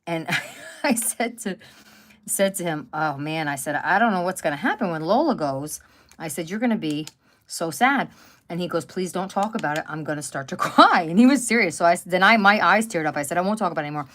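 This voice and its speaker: A woman's voice: fairly low pitch, animated, brisk, a bit bright. A woman in her fifties chatting casually on a live stream, telling rambling stories full of fillers and restarts. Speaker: craft channel host. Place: at home by a wood stove.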